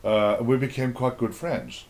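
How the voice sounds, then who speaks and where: A man's voice: mid-range voice, lively intonation, unhurried, darkish tone. An older man being interviewed, telling rambling, playful stories with sudden dramatic outbursts. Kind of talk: casual interview chat.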